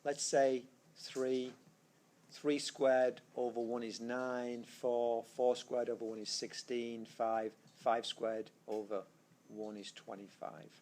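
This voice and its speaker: A man's voice: medium pitch, darkish tone. A man teaching a physics class, explaining step by step in a classroom and correcting himself as he goes. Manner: explanatory, thinks aloud, self-correcting. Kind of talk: classroom lecture. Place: classroom with students. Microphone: tablet screencast mic.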